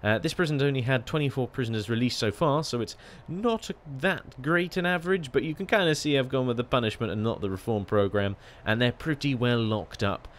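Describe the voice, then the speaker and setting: A man's voice: medium pitch, brisk, slight background noise. Chatty man commentating a game. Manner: chatty and self-deprecating, often exclaiming. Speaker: gaming channel host.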